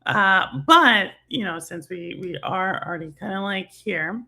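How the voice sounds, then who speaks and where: A woman's voice: medium pitch, measured pace, sharp tone. A middle-aged woman from Texas with a Texan accent, hosting a casual gaming talk stream and rambling with lots of fillers and laughs. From Houston, Texas. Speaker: livestream host.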